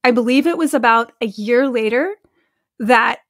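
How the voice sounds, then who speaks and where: As a podcast guest, a woman with a somewhat high voice tells stories in a lively, animated interview chat, peppering her sentences with "like." She speaks at a normal speed, and the sound is dry and close with no room echo.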